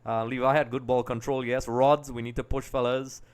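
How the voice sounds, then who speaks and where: A man's voice: medium pitch, moderate pace, clean tone. A middle-aged man hosting a live football watch-along stream, chatting to viewers by name and reacting to the match. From Trinidad and Tobago. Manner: chatty, greets viewers by name, excitable over goals.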